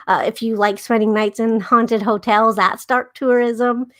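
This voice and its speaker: A woman guest in a casual interview chat, enthusiastic but pausing with fillers as she searches for words. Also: fairly high pitch, fairly even intonation, a bit bright.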